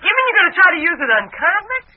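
A woman's voice: extremely high pitch, very animated, fast. An actress playing a young woman who teases and coaxes her sweetheart, in 1950s radio acting. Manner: playful, teasing, coaxing. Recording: tinny old radio broadcast.

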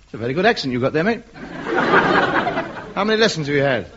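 An actor playing a vain, self-important comedian who blusters and fusses, in a 1950s radio comedy. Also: male voice, on the high side, big pitch swings, moderate pace. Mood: blustering. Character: vain, pompous male comedian, easily flustered. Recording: dull old radio recording with faint hiss.

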